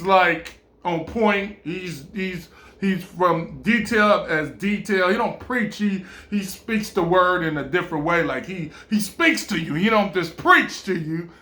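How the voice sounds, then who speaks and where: In a reverberant recording, a man whose voice sits high talks on in a loose, casual monologue. He's animated and stammers, laughs frequently, and keeps breaking into playful impressions.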